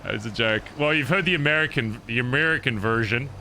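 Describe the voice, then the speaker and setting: A young man telling an animated, profane story in character to other roleplay players. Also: mid-range voice, a little fast, background noise. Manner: animated, profane, rambling recounting. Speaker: roleplay streamer.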